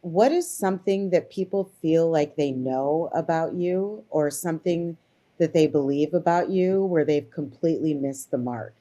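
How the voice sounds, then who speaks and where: Low, mellow-voiced woman podcast host. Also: moderate pace. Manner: warmly encouraging, laughs along. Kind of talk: casual interview.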